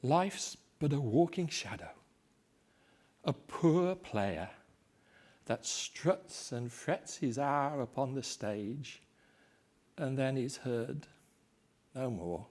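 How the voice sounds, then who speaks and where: A man performing Macbeth, a desperate, raging Scottish king, in a dramatic stage recitation that moves from hushed despair to shouting fury. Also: mid-range voice, lively intonation, extremely slow, long pauses. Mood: weary despair.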